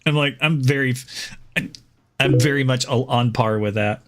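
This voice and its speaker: A man's voice: mid-range voice, measured pace. Rambling man chatting on a game stream. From Southern United States. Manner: rambling, chuckles often, many fillers. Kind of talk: casual gaming stream chat.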